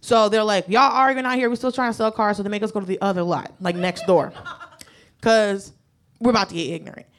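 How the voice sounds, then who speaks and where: A woman's voice: medium pitch, steady tone, a little fast. A woman doing stand-up, telling a profane story and acting out the voices of the people in it. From United States. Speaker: stand-up comedian. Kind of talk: stand-up comedy set.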